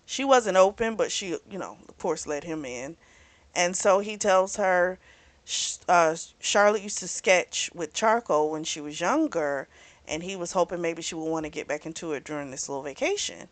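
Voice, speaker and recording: A woman's voice: fairly low pitch, moderate pace, no echo. A woman hosting a book club channel, retelling a romance novel's plot in casual chat full of "like" and "you know".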